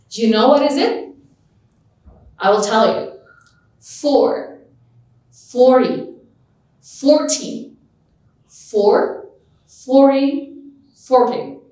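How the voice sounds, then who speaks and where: Slow, emphatic woman tutor in echoey room. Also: fairly high pitch. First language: Indonesian. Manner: slow, emphatic, repeats example words with lively stress. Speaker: English test tutor. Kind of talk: teaching lesson. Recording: echoey room, voice far from mic.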